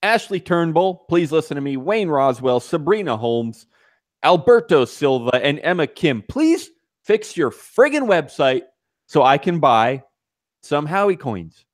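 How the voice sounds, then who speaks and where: A man hosting a casual podcast, animated and laughing, with mock exasperation. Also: a little high, a little slow, dry recording, clean studio sound. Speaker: podcast host.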